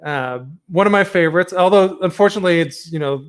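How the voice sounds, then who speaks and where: A man co-hosting a casual interview over a video call, friendly and quick to laugh. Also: high-pitched, clean tone. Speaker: co-host.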